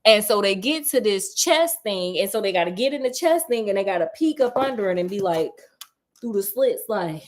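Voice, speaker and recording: A storyteller host retells a novel in a sassy, casual chat, talking straight to her listeners as "girl" and "honey" and acting out the characters. Her voice sits in the mid-range, and she speaks at a normal speed with lots of animation.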